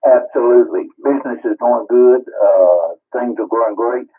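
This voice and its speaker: A man's voice: medium pitch, normal speed, husky. A man calling in to a ham radio net, easygoing and joking in casual chat. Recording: tinny radio transmission.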